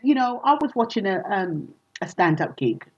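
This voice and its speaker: A woman comedian in casual conversation, telling self-mocking stories in a lively, animated way. Her voice has a slightly husky, breathy texture at a mid pitch, and she sounds like a remote call. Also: normal speed, muffled recording. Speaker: comedian guest. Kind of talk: casual chat.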